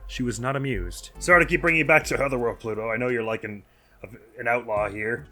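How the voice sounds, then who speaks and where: A man's voice: medium pitch, fast talker, sharp tone, faint music behind. A man commenting casually on a video game as a let's play host, laughing often and reading the game text aloud.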